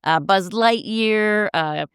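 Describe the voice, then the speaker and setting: A woman's voice: medium pitch, takes it slowly, a bit bright, smooth, dry recording, studio quality. A middle-aged woman guest chatting casually and telling self-deprecating stories. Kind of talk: casual chat.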